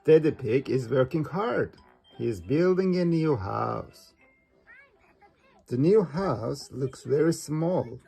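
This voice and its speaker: A reader narrating a children's picture book aloud in a slow, even way. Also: medium pitch, creaky, slightly rough, soft background music. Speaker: storybook reader. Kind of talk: storybook read-aloud.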